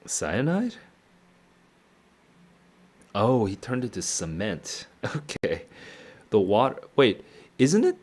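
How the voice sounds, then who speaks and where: Deep-voiced man musing over a book. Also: wildly swooping pitch, takes it slowly, long pauses, darkish tone. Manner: muses aloud, chuckles often. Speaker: streamer reading a novel aloud. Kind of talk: casual reading and reacting.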